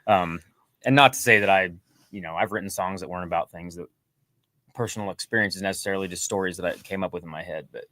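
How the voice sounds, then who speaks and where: A man's voice: sits low, quick pace, sharp tone. A man who is a songwriter and singer, a guest on a podcast, talking casually in a rambling, self-deprecating way with many hesitations. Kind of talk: casual interview chat.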